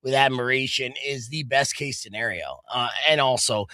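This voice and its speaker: A man's voice: medium pitch, normal speed, bright, forceful tone, no room sound. A man hosting a radio talk show, chatting casually and loosely with many fillers. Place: radio studio. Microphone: studio mic.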